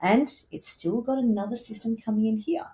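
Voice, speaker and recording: A woman's voice: on the high side, brisk, dark tone. A woman presenting a weather forecast, chatty and enthusiastic as she points along a map with little asides. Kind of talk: casual weather forecast walkthrough.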